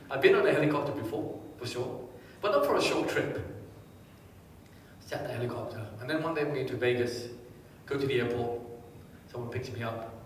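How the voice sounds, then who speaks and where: A man giving a live seminar, quizzing the audience and telling anecdotes in a lively way. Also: medium pitch, slight background noise. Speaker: motivational speaker. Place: large hall with a live audience. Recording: echoey hall, distant mic.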